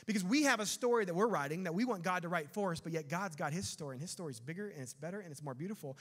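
A male pastor preaching a sermon, animated and dropping to quiet emphasis on key words. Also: sits high, very fast. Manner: animated, acts out quotes, drops to quiet emphasis.

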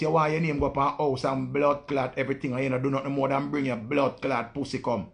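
A man's voice: medium pitch, little pitch movement, a little fast, vocal fry, hardly any pauses. A man with a Jamaican accent, hosting a live stream and talking casually to viewers in blunt, profane patois.

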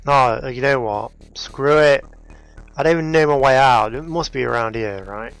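A man's voice: mid-range voice, normal speed, a bit bright, smooth. A man commenting on a puzzle game as he plays, talking to himself and his viewers, often frustrated and exclaiming. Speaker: gaming video host. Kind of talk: let's play commentary.

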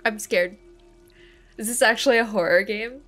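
A young woman hosting a let's play, excitable and gasping, cooing over the game's cat. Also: a little high, moderate pace, soft background music. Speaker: gaming channel host. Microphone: desk condenser microphone.

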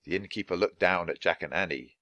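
A man reads a children's storybook aloud for English learners, clear and expressive. His low voice is bright and gravelly with a lively lilt, recorded close in a dry space. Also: brisk, no room sound. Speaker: storybook reader.

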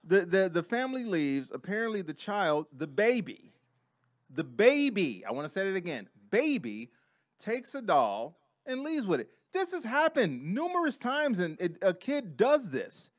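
Animated man in dry podcast chat. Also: high-pitched, measured pace, dry recording. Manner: animated, emphatic, says bro and man often. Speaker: podcast co-host.

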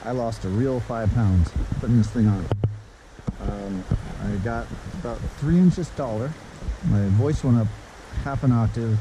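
A man's voice: medium pitch, warm tone, rough recording. A man filming himself on a head-mounted action camera outdoors at a stream, cold and wet, joking at his own expense as he gets ready to snorkel fish. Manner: joking, self-deprecating. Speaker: angler and video host. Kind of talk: casual self-filmed commentary. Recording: clear stream noise behind.

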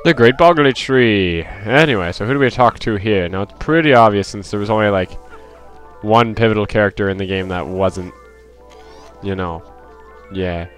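A man's voice: on the low side, moderate pace, a bit bright, faint music behind. A man giving casual, rambling, self-deprecating commentary while playing a video game and reading characters' lines aloud. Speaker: let's play host.

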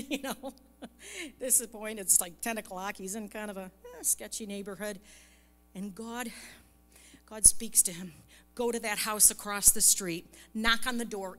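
A woman's voice: medium pitch, normal speed, pushed and bright. A woman telling a story in a conversational sermon, often checking in with the congregation and laughing lightly. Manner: conversational, keeps asking "right?" and laughs lightly. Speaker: speaker at a church service. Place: church sanctuary. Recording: long hall reverb.

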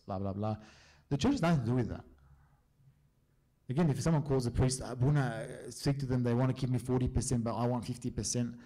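Here the priest's voice is lowish and mellow. Taking a church group's questions, he keeps things chatty and anecdotal, frequently tossing in a brief "yeah?" to make sure his listeners are with him.

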